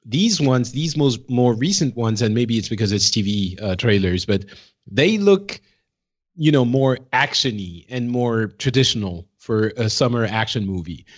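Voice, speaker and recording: A man's voice: mid-range voice, animated, normal speed. Hesitant podcast man on dull audio. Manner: thoughtful, hesitant, many restarts. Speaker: podcast co-host. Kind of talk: casual chat.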